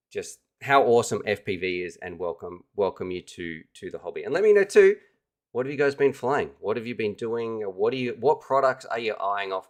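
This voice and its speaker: A deep-voiced man chats casually on a livestream. He sounds upbeat and keen, and he talks straight to his viewers like friends hanging out. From Australia. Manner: enthusiastic, chatty, addresses viewers directly. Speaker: livestream host.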